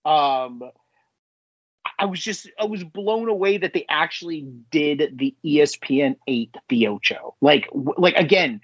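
A man's voice: on the high side, animated, unhurried, no room sound, muffled recording. A man co-hosting a podcast in casual chat, rambling with lots of fillers and swearing freely. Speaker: podcast co-host.

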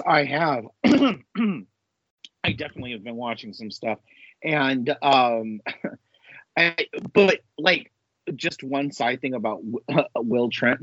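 A man co-hosting a casual pop culture podcast, telling stories in an animated way with a husky voice. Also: mid-range voice, no echo, highs cut off. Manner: animated storytelling, laughs often. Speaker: podcast co-host.

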